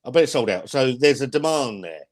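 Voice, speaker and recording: A man hosting a relaxed livestream, talking bluntly and swearing freely. He rambles, restarting his sentences as he works through his points. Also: medium pitch, fairly quick. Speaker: host. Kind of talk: casual livestream beer chat.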